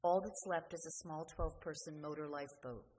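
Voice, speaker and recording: A woman preaching a sermon, earnest and questioning, often letting her sentences fall quiet at the end. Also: sits low, a little fast, slightly rough. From New Jersey. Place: church. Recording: church hall reverb, faint noise.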